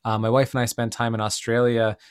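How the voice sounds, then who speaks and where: A male podcast host talking in a relaxed, reflective way, with a medium-pitched voice. He winds through anecdotes and big-picture thoughts, sprinkling in "like" and "you know". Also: brisk, smooth. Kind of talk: casual conversational interview.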